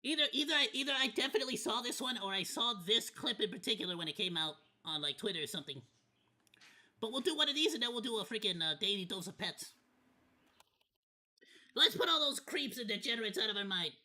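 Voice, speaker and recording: A man's voice: sits high, lively intonation, fast, pushed and bright. A man streaming a watch party, rambling through casual commentary in a candid, loosely profane way. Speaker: VTuber streamer.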